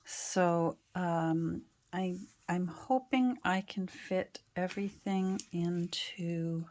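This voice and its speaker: A woman's voice: fairly low pitch, drawn-out words, a little mellow. A middle-aged woman from Canada chatting casually with lots of fillers and restarts while she works on a craft project in her home studio. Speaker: craft vlogger.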